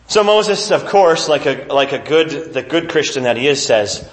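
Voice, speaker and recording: A man teaching a Bible lesson to a class with handouts, retelling the story in an animated, conversational way. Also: high voice, moderate pace, few pauses, roomy sound.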